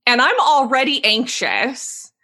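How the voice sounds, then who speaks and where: A woman in her thirties, a podcast guest telling a personal story in an animated way and laughing as she talks. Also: high-pitched, takes it slowly. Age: 30s. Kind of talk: casual interview storytelling.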